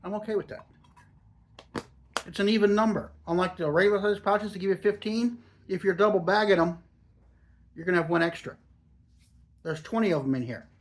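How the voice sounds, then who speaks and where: A man's voice: high voice, fairly quick, long pauses. A man in his forties talking in a chatty, rambling, easygoing way while reviewing a product for a casual vlog.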